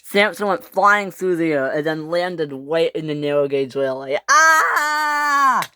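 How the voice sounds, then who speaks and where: Loud character screams punctuate an improvised toy train story told by a young male, likely a boy, who is excitable and keeps restarting. His voice is on the high side at a moderate pace, with a clean tone and no room sound.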